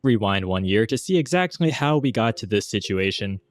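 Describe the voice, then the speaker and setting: A man reading scripted explainer narration in an even, informative way. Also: lowish voice, brisk, dry recording, studio quality. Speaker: narrator of a reviewed video.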